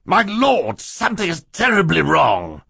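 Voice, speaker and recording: A frantic, squeaky banker babbling in a panic; much higher and louder than his narration, dry studio sound. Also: sing-song, normal speed, gravelly, husky, dry recording, full character voice. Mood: alarmed. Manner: high-pitched frantic babbling. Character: panicky middle-aged male banker, babbling.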